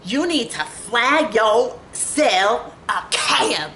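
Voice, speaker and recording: A woman's voice: a little high, animated, very slow, sharp tone, echoey room, a little hiss or hum, heavily acted. A woman voicing a curt, impatient female phone dispatcher who repeats herself in a scolding tone. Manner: repetitive, scolding, clipped.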